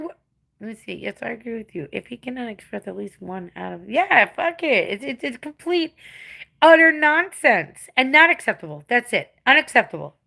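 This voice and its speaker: Brief: English woman in her forties, livestream host, fairly high and forceful voice, blunt and foul-mouthed. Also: creaky. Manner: blunt, profane, venting. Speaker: livestreamer answering chat. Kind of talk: casual livestream chat.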